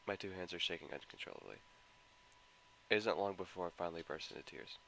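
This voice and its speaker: A man's voice: low voice, fast talker, vocal fry, bright, forceful tone, slight background noise, low-quality recording. A man giving a dramatic first-person narration of a visual novel with an emotional, anguished delivery. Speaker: visual novel mod reader. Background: guitar music.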